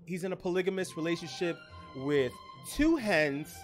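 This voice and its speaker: A woman hosting a streamed trivia night, with loud, joking, slangy banter and quick put-on voices. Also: on the low side, lively intonation, faint music behind. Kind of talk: casual streamed game commentary.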